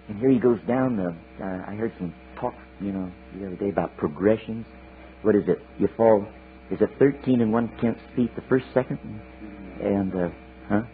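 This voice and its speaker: A man preaching a sermon, telling a story in a folksy, animated way with chatty asides. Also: on the low side. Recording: tinny lo-fi sermon tape with hiss.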